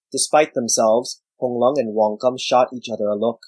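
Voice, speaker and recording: A man giving measured scripted narration of a story. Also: mid-range voice, fairly even intonation, darkish tone, dry recording, low-quality recording.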